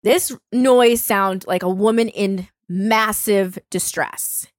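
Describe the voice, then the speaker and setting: A woman in her thirties telling a story in casual chat, animated and swearing freely. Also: medium pitch, takes it slowly, no room sound, clean studio sound. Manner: animated, swearing, voices others in quotes. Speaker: storyteller on a podcast.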